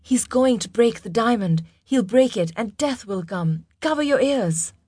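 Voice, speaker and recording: A woman's voice: on the high side, moderate pace, a little mellow, no echo, clean studio sound, lightly acted. A woman voicing a frightened young female servant who pleads and whispers urgently.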